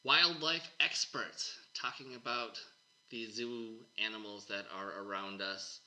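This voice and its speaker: Chatty man with a bright voice. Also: lowish voice, steady tone, measured pace, poor audio. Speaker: podcast host. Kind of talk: casual chat.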